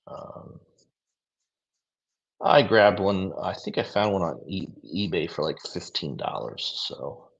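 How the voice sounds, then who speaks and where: Gravelly, husky man chatting casually. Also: lowish voice, lo-fi sound. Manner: laid-back, rambling, lots of fillers. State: tired, yawning. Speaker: comic book reviewer. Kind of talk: casual livestream commentary.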